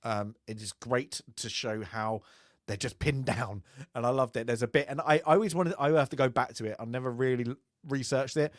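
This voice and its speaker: A man's voice: mid-range voice, brisk, no room sound, clean studio sound. A man co-hosting a casual film chat, rambling and laughing often. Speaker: podcast co-host.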